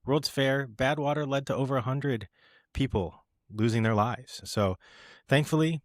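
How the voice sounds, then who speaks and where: A man's voice: medium pitch, a little slow, no echo, studio quality. Playful man co-hosting a chatty podcast. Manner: playful, teasing, storytelling. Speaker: podcast co-host. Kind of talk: casual chat.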